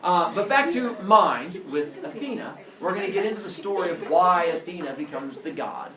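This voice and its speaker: A male teacher telling myths to his class in a jokey, animated way, acting out the characters. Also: high-pitched, normal speed, crowd noise. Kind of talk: storytelling lesson. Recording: roomy classroom audio from far off.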